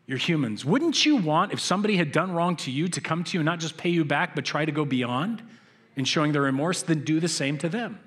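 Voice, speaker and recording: A young adult man preaching a sermon, telling stories and acting out quoted voices with big jumps in pitch. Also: fairly bright tone, breathy edge. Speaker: pastor. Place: church sanctuary.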